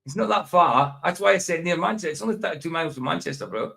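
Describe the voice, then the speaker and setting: Gravelly-voiced English host, chatty. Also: male voice, fairly high pitch. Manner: relaxed, chatty, quick agreeing interjections. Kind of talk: casual online chat.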